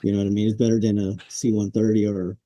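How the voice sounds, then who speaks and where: Dark-voiced laid-back male veteran. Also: on the low side, little pitch movement, quick pace, no echo. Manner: laid-back, chuckles, acts out quoted drill instructors. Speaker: podcast guest, Marine veteran. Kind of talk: casual storytelling interview.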